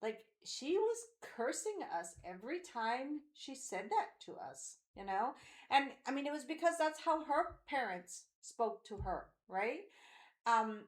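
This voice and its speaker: A woman's voice: sits high, big pitch swings, unhurried. Chatty woman with an echoey room sound. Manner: rambling storytelling with frequent fillers and quoted voices. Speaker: podcast co-host. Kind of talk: candid personal conversation.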